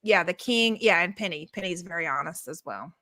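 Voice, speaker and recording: Bright-voiced woman hosting a podcast. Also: fairly low pitch, lively intonation, fairly quick, no echo, clean studio sound. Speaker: podcast host. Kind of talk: casual interview chat.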